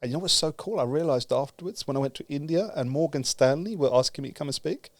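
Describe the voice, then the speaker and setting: A man from the UK telling a story with lively energy, acting out the dialogue and laughing as he goes. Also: fairly high pitch, fast talker, no echo. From United Kingdom. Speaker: guest speaker. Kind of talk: animated storytelling.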